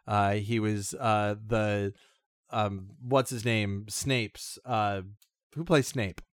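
A man co-hosting a casual chat, rambling excitedly through tangents with many restarts and asides. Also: lowish voice, slow, clear, resonant tone, no echo, studio quality. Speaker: podcast co-host.

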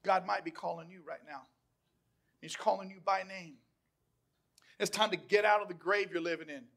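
A man preaching a sermon, swinging between hushed, intimate passages and loud, shouted calls. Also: sits high, steady tone, normal speed, vocal fry. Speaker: pastor.

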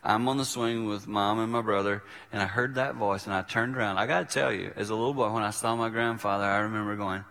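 A man's voice: fairly low pitch, steady tone, fast talker, creaky, hardly any pauses, fairly bright tone. Older man preaching with a story. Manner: vivid storyteller who acts out quoted voices. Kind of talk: sermon storytelling. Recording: reverberant hall.

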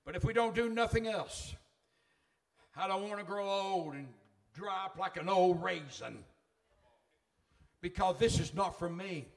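A man's voice: sits high, measured pace, vocal fry, pauses often. A middle-aged man preaching a sermon in a fervent, folksy way.

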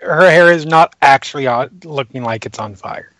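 A man's voice: a little high, moderate pace, a bit bright, dry recording, poor audio. Male player, wry and playful, dry recording. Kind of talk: casual tabletop game chat.

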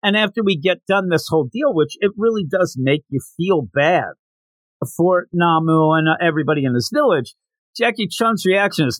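A man hosting a podcast who gives a casual, animated recap of a comic chapter, with jokey asides. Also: fairly high pitch, moderate pace, dry recording, low-quality recording. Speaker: podcast host.

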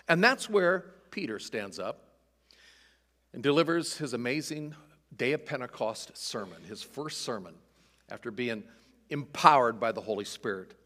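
A man with a slightly high voice teaches a sermon in a relaxed, conversational way, stumbling over restarts now and then. He reads scripture aloud with lively emphasis, and a long reverb rings behind him. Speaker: pastor.

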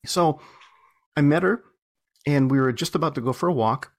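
A man with a fairly high-pitched voice talks at a normal pace in a casual storytelling interview about his work as an author and entrepreneur. He's chatty and self-deprecating, laughing often and frequently restarting his sentences.

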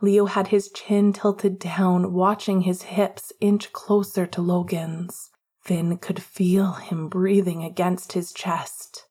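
A woman narrating a romance audiobook in a hushed, often half-whispered delivery. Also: on the low side, little pitch movement, slow pace, slightly rough.

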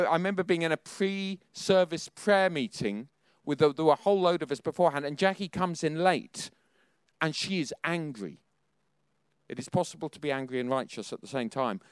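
Chatty male preacher, light high voice. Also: clear, resonant tone, no echo, clean studio sound. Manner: self-deprecating, chatty, with nervous laughs. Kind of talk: sermon with personal storytelling.

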